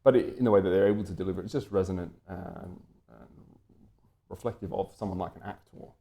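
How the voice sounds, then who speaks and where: Deep mellow-voiced British man lecturing. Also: fast talker, slight background noise. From Britain. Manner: wordy, lots of fillers and restarts. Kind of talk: unscripted lecture-style commentary.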